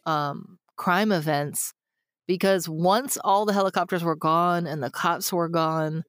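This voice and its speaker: Low-voiced woman podcast co-host, chatty storyteller. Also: measured pace, no room sound, clean studio sound. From Los Angeles area. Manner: chatty storyteller, animated when quoting people. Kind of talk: casual chat.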